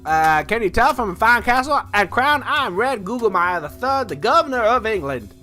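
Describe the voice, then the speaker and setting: A brash governor who drawls and blusters in a folksy way, as a man puts him on. The voice sits high and swings widely, bright and forceful. Faint music plays underneath. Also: very animated, moderate pace, exaggerated voice.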